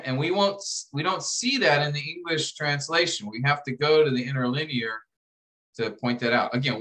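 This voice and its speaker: A man lecturing to a class, walking students through an assignment step by step, restarting phrases and slowing down to read verses aloud. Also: on the high side, pushed and bright, low-quality recording. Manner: explanatory, repeats and restarts phrases, reads verses slowly. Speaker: instructor.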